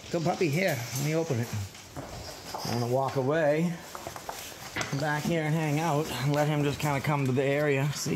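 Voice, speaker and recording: A dog trainer from Massachusetts chatting casually through a vlog, breaking into a high baby voice to talk to the dogs. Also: male voice, background noise. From Massachusetts, USA.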